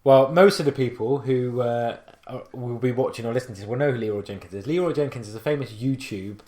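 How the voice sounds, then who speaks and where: A man with a West Country English accent co-hosting a gaming podcast, telling stories in a rambling, animated way full of restarts. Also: medium pitch, fast, roomy sound. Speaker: podcast co-host. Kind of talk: casual chat.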